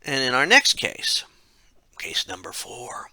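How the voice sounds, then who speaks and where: A man's voice: mid-range voice, animated, slow, bright, forceful tone, no echo. A man narrating a casual game retrospective, rambling, correcting himself and dropping wry asides. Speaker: game reviewer.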